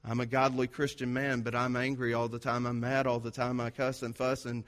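A preacher voicing a hypothetical churchgoing man who admits he is angry all the time, in a lower, quieter voice. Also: flat delivery, fairly quick, natural voice. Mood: sheepish. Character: self-excusing angry churchgoing man, grown.

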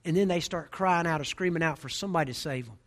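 A man's voice: fairly high pitch, fast, fairly bright tone. A man preaching a sermon in an emphatic, rousing way with rhythmic repetition.

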